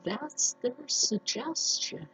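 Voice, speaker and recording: A woman's voice: fairly high pitch, animated, takes it slowly, a bit bright, soft background music, poor audio. A woman chatting casually to the camera as a sewing vlogger, defiant and chatty. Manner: chatty and defiant, with frequent laughs.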